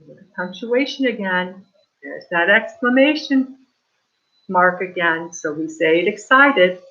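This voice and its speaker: A woman teaching a remote kindergarten reading lesson, reading slowly and with exaggerated stress, prompting the children with questions. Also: lowish voice, animated, pushed and bright. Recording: dull lo-fi online class audio.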